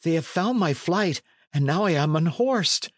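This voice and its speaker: An anxious young runaway, timid and pleading, in an unabridged audiobook, as a man reads him. The voice is raised well above the reader's own and swings widely in pitch, and the recording is dry and close. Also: expressive, measured pace, no echo. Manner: earnest, anxious, archaic speech.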